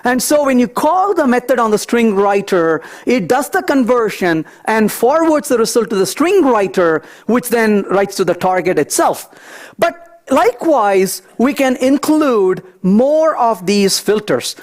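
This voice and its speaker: A man giving a technical conference talk, walking through live code and telling lively anecdotes as he thinks aloud. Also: very high voice, measured pace. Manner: animated, storytelling asides, thinks aloud. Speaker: conference speaker.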